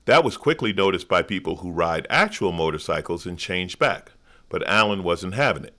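Guy with a really deep voice, dry jokey story reading. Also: expressive, moderate pace, sharp tone. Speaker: comedy panelist. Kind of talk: reading a scripted comic story.

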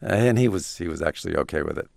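An older man telling anecdotes as an interview guest in a wry, halting way, on a studio microphone. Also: deep voice, expressive, gravelly, no room sound.

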